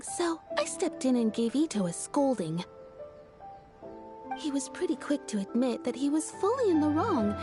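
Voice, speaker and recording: Lively gossiping townswoman. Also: high voice. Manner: storytelling, animated, amused. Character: chatty adult townswoman, fond gossip. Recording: game music underneath.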